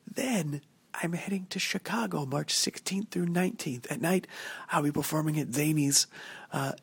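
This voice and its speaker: A man's voice: fairly high pitch, moderate pace, gravelly, husky. A man whispering a podcast intro in a hotel room. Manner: hushed whisper, wry asides. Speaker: podcast host.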